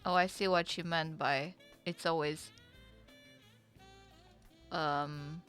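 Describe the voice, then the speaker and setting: A woman streaming a game, chatting casually, excitable, swearing, and answering chat. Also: sits low, slow, clear, resonant tone, faint music behind.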